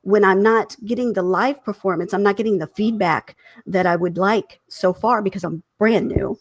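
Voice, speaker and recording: Woman guest on a live stream, eager, asking questions, mid pitch. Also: normal speed. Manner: eager, asks questions, laughs often. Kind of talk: casual live-stream chat.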